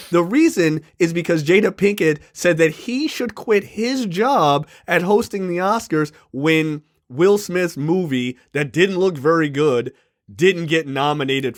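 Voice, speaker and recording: A man's voice: fairly high pitch, expressive, unhurried. A man co-hosting a casual film podcast, talking emphatically and swearing freely, recorded close and dry. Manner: emphatic and profane. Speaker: podcast co-host.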